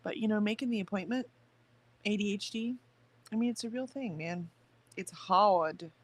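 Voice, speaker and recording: A livestream host with a mid-range voice talks at normal speed, chatting casually and rambling about her morning. She addresses her viewers in the chat and also talks to her dog.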